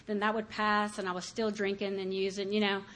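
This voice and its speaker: A woman's voice: medium pitch, completely flat delivery, a little fast, fairly bright tone. A woman giving a candid personal testimony about her recovery, talking conversationally with many fillers and acting out her past thoughts. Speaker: speaker sharing her recovery story.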